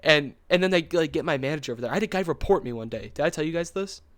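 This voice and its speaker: A young man tells a story on a casual podcast in a loose, rambling way, full of filler words and quick laughs. His voice sits a little high for a man. The sound is dry and close, with no room around it. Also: animated, a bit bright, no room sound. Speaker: podcast co-host.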